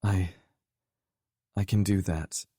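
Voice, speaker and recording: A male narrator voicing a shaken young woman who speaks softly and hesitantly. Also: low voice, fairly even intonation, slow, breathy edge, no echo, studio quality, exaggerated voice. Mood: pleading.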